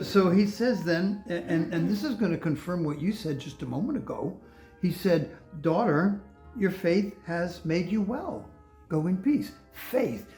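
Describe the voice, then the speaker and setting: Older man, pastor, gravelly voice, chatty sermon, roomy echo, faint music. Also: high-pitched, darkish tone. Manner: candid, chatty, laughs often, many restarts. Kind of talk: conversational sermon. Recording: echoey room with faint music.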